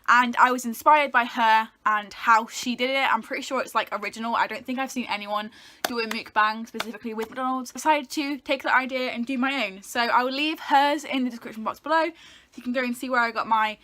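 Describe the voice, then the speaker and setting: A woman's voice: a little high, sharp tone, slight background noise. A young woman chatting casually to camera while eating, swearing now and then as she answers questions. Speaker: book YouTuber. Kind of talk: casual chat. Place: home, indoors.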